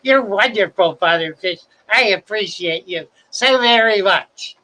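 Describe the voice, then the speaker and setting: A giddy, grateful fish-keeper, put on by a man on a livestream gushes in a high, singsong voice. The tone is bright and the delivery slow and effusive. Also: low-quality recording. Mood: gushing.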